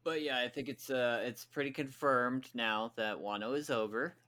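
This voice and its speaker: A man's voice: mid-range voice, steady tone, pushed and bright. A man co-hosting a casual podcast chat in a playful, teasing way. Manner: playful, quick to laugh and tease. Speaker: podcast co-host.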